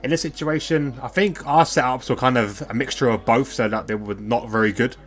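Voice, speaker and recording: A man co-commentating an online sim race live, casual and talkative, chatting with viewers between calls. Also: mid-range voice. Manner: fast, casual, banter with chat.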